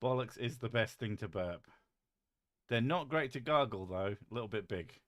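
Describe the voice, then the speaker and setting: A British man chatting casually on a live stream, reading chat aloud with a joking, deadpan manner and casual swearing. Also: medium pitch, moderate pace, no room sound, clean studio sound.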